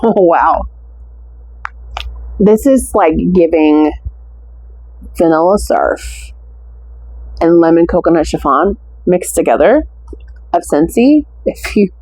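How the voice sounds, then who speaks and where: A woman's voice: on the low side, animated, slow, pauses often, a little mellow, breathy edge, dry recording, low-quality recording. An American woman chatting casually through a scent haul, gushing and stretching out her descriptive words. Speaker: wax melt haul reviewer. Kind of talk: casual product review chat.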